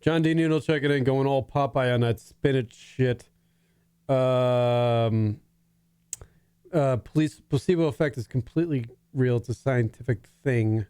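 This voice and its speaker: A man's voice: medium pitch, measured pace, mellow, smooth, dry recording. A man hosting a radio talk show, bantering wryly in profane casual chat.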